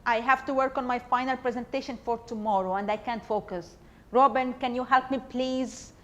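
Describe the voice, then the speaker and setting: A woman's voice: a little high, steady tone, moderate pace, a bit bright, lo-fi sound. Earnest woman. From Palestine. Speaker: performer. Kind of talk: documentary stage play.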